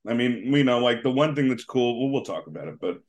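A man's voice: medium pitch, expressive, fast talker, darkish tone. A man in a mid-range voice co-hosts a casual, comedic podcast. He rambles through plans and jokes with plenty of fillers. He tags lines with a loose "bro.". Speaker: podcast co-host.

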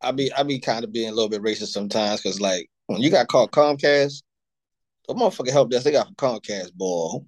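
A man's voice: mid-range voice, a little fast. A man on a podcast, telling stories in a laid-back, profane, casual way. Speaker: podcast co-host. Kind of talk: casual chat.

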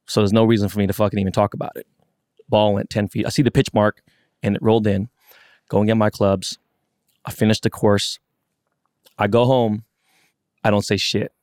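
Low-voiced man, swearing storyteller. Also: a little fast, pauses often, clean tone, no echo, clean studio sound. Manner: excited, profane storytelling. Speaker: podcast co-host. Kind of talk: casual chat.

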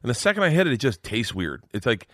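Fast-talking male comedian telling a story. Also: mid-range voice, no room sound, studio quality. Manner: animated, swearing, acts out voices. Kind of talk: storytelling on a podcast.

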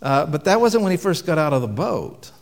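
Male pastor, slightly high voice, chatty sermon delivery with pointed questions, echoing hall. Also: sing-song, fairly quick, creaky. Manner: conversational, asks the audience questions, varies loudness for emphasis. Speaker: preacher. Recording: long reverb from a hall.

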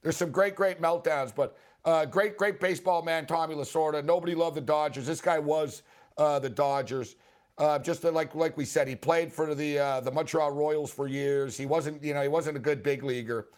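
A man hosting a sports talk show, telling stories in a rambling, excitable way. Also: a little high, moderate pace. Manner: rambling, excitable storytelling with laughs and acted quotes. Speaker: sports radio host.

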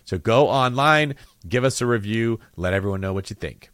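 A man's voice: lowish voice, animated, normal speed, a bit bright, no room sound, clean studio sound. A man hosting a real estate podcast, giving casual advice with joking asides. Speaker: podcast host.

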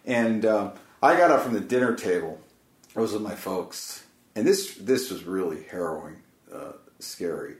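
A man's voice: fairly low pitch, animated. Earnest rambling man in a roomy space. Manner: earnest, rambling, halting with restarts. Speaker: guest. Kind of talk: casual storytelling chat. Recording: roomy echo.

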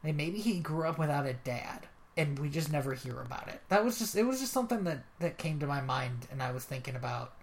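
Podcast host, casual chat, chatty, quick, jumps in with afterthoughts. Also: medium pitch, animated.

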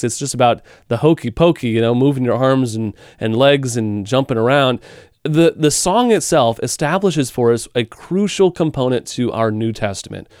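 A man's voice: mid-range voice, no echo, clean studio sound. A man hosting a radio program, reflecting on the sermon in a conversational way. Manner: warmly conversational, with small restarts. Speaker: radio host. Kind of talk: casual reflective commentary.

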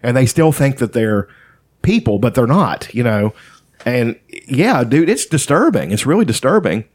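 A man's voice: medium pitch, big pitch swings, moderate pace. A man chatting casually, retelling a story at length with lots of fillers and swearing. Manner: rambling, profane storytelling with many fillers. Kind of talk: casual chat.

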